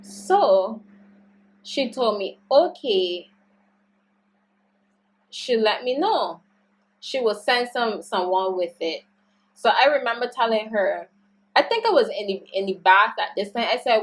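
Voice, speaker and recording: A young woman telling a storytime vlog story, animated and slangy as she vents. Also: medium pitch, measured pace. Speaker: YouTuber.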